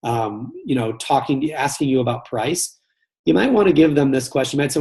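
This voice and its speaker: A man's voice: mid-range voice, brisk, darkish tone. A man coaching salespeople on a live call, earnest, often repeating and restarting his phrases as he talks straight to his audience. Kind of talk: live webinar coaching talk.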